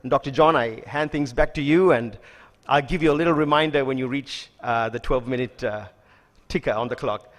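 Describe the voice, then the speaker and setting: A man introducing a speaker as the event host, brisk and full of filler words. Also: mid-range voice. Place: lecture hall. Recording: reverberant hall.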